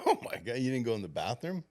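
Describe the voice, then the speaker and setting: A man's voice: medium pitch, big pitch swings, quick pace. A man hosting a podcast, prodding his guest with short questions and laughing reactions. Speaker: podcast host. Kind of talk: casual chat. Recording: loud noisy recording with clicks.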